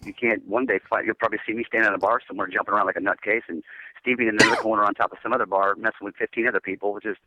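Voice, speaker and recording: A man's voice: lowish voice, fairly even intonation, rapid-fire, highs cut off. A man, a metal band's singer, chatting casually in an interview and telling rambling laid-back stories full of "dude". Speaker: metal band singer guest.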